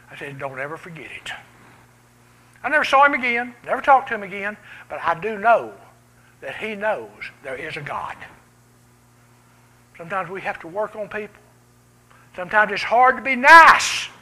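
A man preaching a sermon in a church, swinging from loud cries down to hushed, quiet lines. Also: high-pitched, rough recording.

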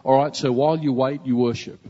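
A man's voice: medium pitch, steady tone, a little fast, dark tone. Earnest man preaching in an echoing hall. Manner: earnest, conversational preaching with repetitions. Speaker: pastor. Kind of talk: sermon. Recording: dull, reverberant hall recording.

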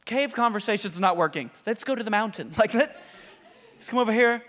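A man voicing a calm, reassuring divine figure while preaching. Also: sits high, a little fast, long reverb tail. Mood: gentle.

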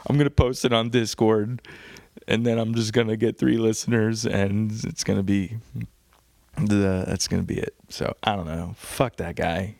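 A man with a low, gravelly voice hosts a casual solo podcast, rambling and crude, often laughing at his own jokes. His voice is recorded close and dry, with no room sound around it. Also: little pitch movement, normal speed, a little mellow, no room sound. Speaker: podcast host. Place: home, on a couch.

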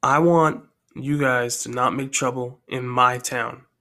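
A stubborn small-town sheriff, male and dismissive, as a storyteller puts him on. He talks in a haughty, curt way, brushing off trouble. His voice sits at an ordinary middle pitch. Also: fairly even intonation, slow pace, sharp tone. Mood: stern.

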